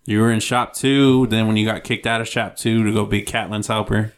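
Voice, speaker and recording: A man's voice: fairly low pitch, little pitch movement, a little fast, clear, resonant tone. A man co-hosting a podcast, trading dry, teasing remarks in casual chat. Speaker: podcast co-host.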